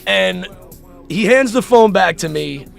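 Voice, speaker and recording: A man livestreaming, telling a story in a casual, animated way with swearing and laughing asides. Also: sits high, a little slow, vocal fry, soft background music.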